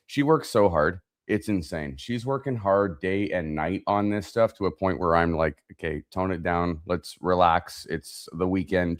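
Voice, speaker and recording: A man at home filling in on a casual livestream, chatting with viewers in a relaxed, rambling way. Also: deep voice, no room sound, studio quality. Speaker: host's husband filling in.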